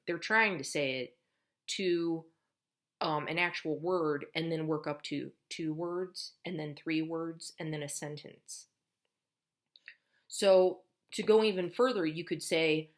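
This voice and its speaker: A woman's voice: low-pitched, fairly bright tone. A woman speech teacher explaining patiently to parents, step by step, how to build a child's language at home. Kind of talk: instructional lesson for parents.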